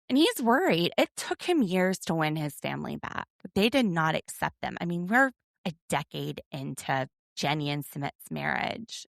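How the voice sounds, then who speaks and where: A woman's voice: on the low side, creaky, dry recording, studio quality. A woman in her thirties hosting a podcast, giving a chatty, wry recap with self-deprecating asides. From United States. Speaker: podcast host. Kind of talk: casual recap commentary.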